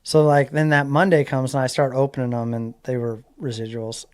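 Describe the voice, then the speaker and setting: A man in his forties from Southern California, a guest in a casual interview, telling a story in an animated way. He fills his talk with likes and you-knows and acts out what people said. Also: mid-range voice, brisk.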